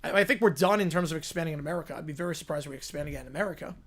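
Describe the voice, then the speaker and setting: Guy with a high voice doing live football play-by-play, gets loud and drawn out on big plays, mumbly on chat stuff. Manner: rises and slows into excited calls on big plays, drops to quiet asides answering chat.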